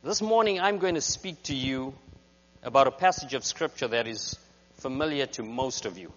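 A man preaching a sermon as a guest speaker, telling stories in an animated way. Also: medium pitch, moderate pace. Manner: animated storyteller. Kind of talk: sermon with storytelling. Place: church sanctuary. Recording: dull recording in reverberant hall with hum.

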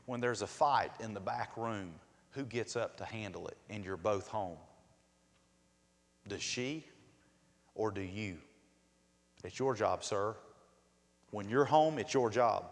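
A male pastor delivering a sermon, asking rhetorical questions and acting out quotes in a raised voice. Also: mid-range voice. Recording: long hall reverb.

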